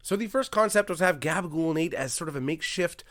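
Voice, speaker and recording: A man hosting a comedy podcast, talking in a lively, mock-grandiose way and poking fun at his own show. His voice sits somewhat high for a man. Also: quick pace. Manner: energetic, mock-grandiose, self-mocking. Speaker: podcast host.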